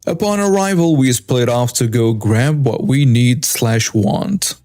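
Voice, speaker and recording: A man narrating a first-person story in a brisk, scripted way. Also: mid-range voice, mellow, dry recording. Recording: dry with faint music.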